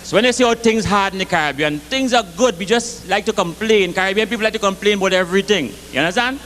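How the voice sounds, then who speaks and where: High-voiced comic storyteller. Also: male voice, quick pace, slight background noise. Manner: animated, rhythmic Caribbean storyteller delivery.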